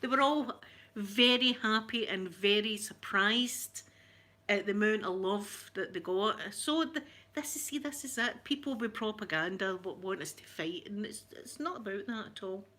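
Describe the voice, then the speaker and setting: This middle-aged livestream host from Scotland chats and rants in a rambling way, often laughing and welcoming viewers by name. Her voice is mid-range and sharp in tone, at a moderate pace.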